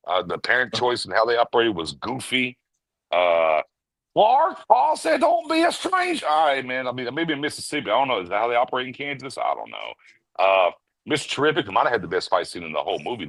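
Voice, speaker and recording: A man co-hosting a casual podcast, giving an animated film review and briefly mimicking characters as he tells it. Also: mid-range voice, gravelly, no echo, rough recording. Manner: animated storyteller, mimics characters in quick bursts. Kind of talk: casual chat.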